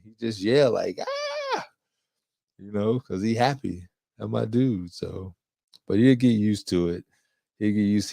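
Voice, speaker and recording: A young man talks through his podcast in a loose, rambling way, dropping casual slang as he goes. His voice sits low, and the recording is dry and close, with no room sound around it. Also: darkish tone, dry recording. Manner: laid-back, rambling storytelling with casual slang. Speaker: podcast host. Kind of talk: casual solo podcast chat.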